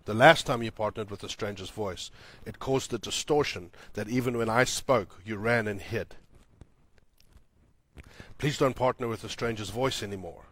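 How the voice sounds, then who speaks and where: A man preaching a sermon as pastor, repeating lines for emphasis, building loud and high, then dropping soft and low. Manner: swells louder and higher when building to a point, then drops soft and low.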